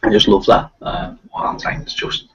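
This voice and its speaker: A man's voice: normal speed, a bit bright. A man with a light Liverpool accent hosting a casual live-stream chat. He rambles, with many fillers and restarts. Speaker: host of a live video chat. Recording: muffled, distant, lo-fi stream audio.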